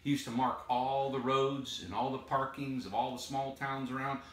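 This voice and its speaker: A man's voice: medium pitch, flat delivery, moderate pace. A man hosting a casual live chat, playful and teasing, with theatrical mock complaints. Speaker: tiny home builder and show host. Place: large warehouse. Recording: echoey warehouse, far from mic.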